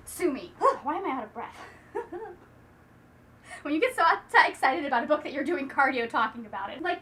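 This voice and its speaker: Brief: high, bright woman as a chatty book vlogger who gushes and rambles. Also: slight background noise. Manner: gushing and chatty, full of "like" and restarts. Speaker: book reviewer. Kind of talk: casual vlog chat.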